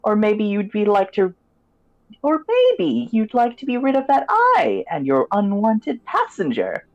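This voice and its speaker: A man voicing a hunched old crone hag with a high, thin, strained voice and a smug, mocking manner, over faint music. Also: wildly swooping pitch, a little slow, creaky, muffled recording, exaggerated voice.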